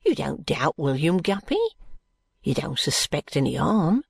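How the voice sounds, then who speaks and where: A woman reading aloud and voicing an anxious young male law clerk who talks in a nervy, hushed, conspiratorial way. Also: sits low, very animated, a little slow, gravelly, breathy edge, no echo, studio quality, full character voice. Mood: whispered scheming.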